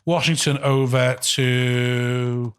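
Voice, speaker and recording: A man's voice: mid-range voice, level tone, clean tone. A man with a Scouse accent, a comedian guest telling jokey stories and swearing in casual chat. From Liverpool, England. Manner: rapid, swearing, storytelling banter.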